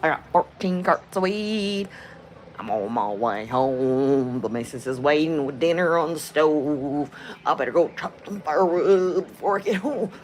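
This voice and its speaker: A woman voicing a rural cowboy on horseback with a put-on southern accent, talking slow and folksy. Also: low voice, lively intonation, a little hiss or hum. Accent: American Southern (put on).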